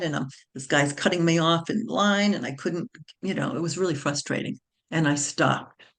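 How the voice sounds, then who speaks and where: A woman, a naturopathic doctor giving a motivational webinar talk, slow and emphatic, repeating key phrases like a mantra. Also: deep voice.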